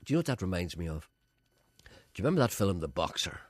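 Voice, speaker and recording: A man talks fast as a radio host, rambling through an anecdote and acting out every quote. His pitch jumps all over the place, and his voice is husky and dry. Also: very animated, no room sound. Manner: rambling storyteller, acts out quotes, laughs at own tales. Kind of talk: casual chat.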